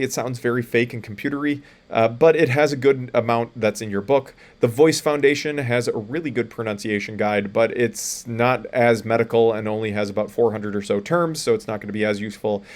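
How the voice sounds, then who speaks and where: A man's voice: mid-range voice, a little mellow. A man, a college lecturer giving a recorded lecture, explaining plainly and spelling out letters, with frequent fillers and restarts.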